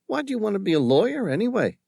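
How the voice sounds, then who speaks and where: A man's voice: high-pitched, big pitch swings, very fast, gravelly, warm tone, dry recording, clean studio sound, pitched above the performer's own voice, exaggerated voice. A male narrator voicing a cheerful young woman who sells coffee from a street truck, in a raised, chirpy voice.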